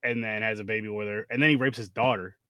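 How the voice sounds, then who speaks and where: Dude rambling about a movie, cussing, lots of restarts, dead dry sound. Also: male voice, lowish voice, fairly even intonation, fast talker, pushed and bright, no room sound. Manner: rambling, profane, restarts often. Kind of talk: casual movie review chat.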